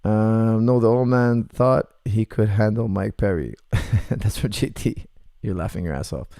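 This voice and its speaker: Male coach hosting a chat Q&A; gravelly voice, blunt and joking, dry close sound. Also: fairly low pitch, a little slow, mellow, dry recording. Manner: blunt, joking, laughs often. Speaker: martial arts coach hosting a Q&A. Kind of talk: casual livestream Q&A, reading chat messages.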